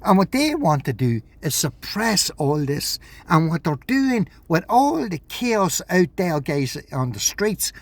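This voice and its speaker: A man's voice: fairly high pitch, big pitch swings, a little slow, creaky, hardly any pauses, no echo. A man talking in a rambling vlog monologue, agitated, swearing and repeating himself. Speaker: vlogger.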